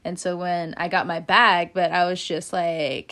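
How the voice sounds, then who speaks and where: A young woman hosting a podcast, telling a story in a casual, animated way, laughing often and acting out what other people said. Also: on the low side, moderate pace, hardly any pauses. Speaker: podcast host.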